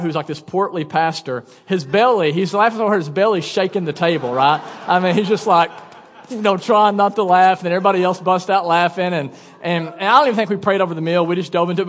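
A man in his thirties preaching a sermon as pastor, telling a story with quick asides and lively energy. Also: high voice, big-room sound. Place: church auditorium.

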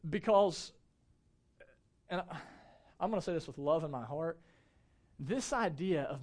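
A man in his thirties preaching a conversational, animated sermon to a church gathering. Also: on the high side, unhurried, long pauses. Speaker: pastor.

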